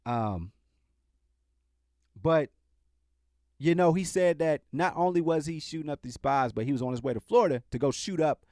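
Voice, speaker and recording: A man's voice: on the high side, expressive, moderate pace, long pauses, darkish tone, no room sound, clean studio sound. A man hosting a podcast, talking in a casual, sarcastic commentary style and often restarting his sentences. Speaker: podcast host.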